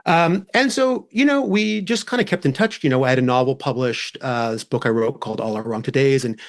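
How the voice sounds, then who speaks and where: A man's voice: medium pitch, expressive, fairly quick. A man from Canada, a guest writer talking from his home over a video call, rambling with many fillers and restarts.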